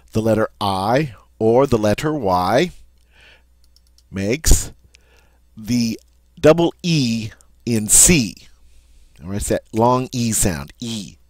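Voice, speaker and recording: A man's voice: fairly low pitch, darkish tone, dry recording. A man teaching French pronunciation, patiently modeling each sound and checking in with "all right?" as he goes. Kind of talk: pronunciation lesson.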